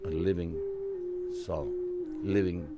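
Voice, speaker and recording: A man speaking slowly and haltingly about family and tradition in an interview, as a traditional musician. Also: sits low, steady tone, creaky, heavy background noise. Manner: slow, halting, reflective. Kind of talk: reflective interview talk.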